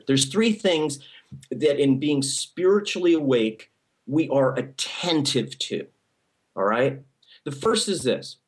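A male pastor giving a sermon in a conversational style, with many restarts and frequent "okay?" check-ins to the congregation. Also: fairly high pitch.

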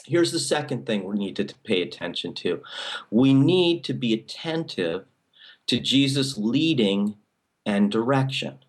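Man preaching in an animated, conversational way. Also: mid-range voice, measured pace. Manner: conversational preaching with frequent restarts and "okay?" check-ins. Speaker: pastor. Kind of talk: sermon.

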